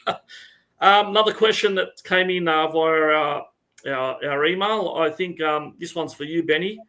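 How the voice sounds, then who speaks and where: A man's voice: fairly high pitch, unhurried, bright, forceful tone. A man, a referee coach, chatting with laughs and lots of fillers over a video call. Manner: laughing, hesitant, many fillers. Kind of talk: casual chat on a video call.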